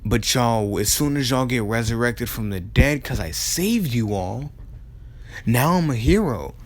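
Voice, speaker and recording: A man's voice: mid-range voice, expressive, unhurried. A resentful young male ninja hero airs his grievances in a profane, ranting tirade. A man retelling the tale voices him in his own ordinary speaking voice, with no real character voice. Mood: bitter rant.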